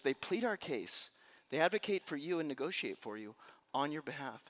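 A man preaching a sermon to a room and listeners at home, telling a story with passion and dropping from loud to hushed. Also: medium pitch, animated, a little fast. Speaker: pastor. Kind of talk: sermon to a live congregation. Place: room with an audience.

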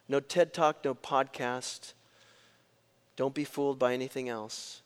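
A man preaching a sermon as pastor, telling stories with big swings in pitch and loudness. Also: fairly even intonation, a little slow, smooth, in a large hall.

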